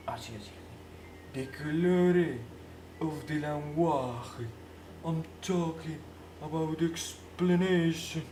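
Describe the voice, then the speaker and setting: A woman's voice: low-pitched, warm tone, slight background noise. A woman speaking non-native English as a Spanish speaker, rambling through a live stream and acting out both sides of an imagined argument. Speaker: livestreamer.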